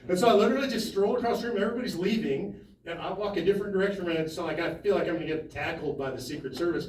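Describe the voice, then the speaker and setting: A man at a town hall, telling an animated story full of quoted dialogue and laughter. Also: high voice, fast. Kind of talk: storytelling to an audience. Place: town hall meeting room. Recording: echoey hall from a distance.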